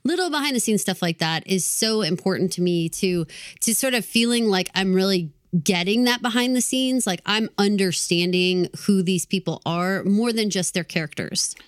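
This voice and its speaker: A woman's voice: medium pitch, normal speed, no echo, clean studio sound. A woman co-hosting a podcast, talking casually and with earnest enthusiasm. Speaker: podcast co-host.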